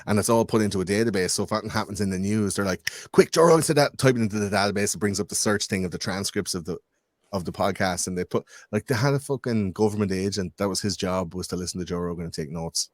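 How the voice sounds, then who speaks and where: A man chatting as a podcast guest, an animated storyteller who swears freely and acts out the voices he quotes. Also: deep voice, fast, dry recording, studio quality. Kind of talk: casual podcast chat.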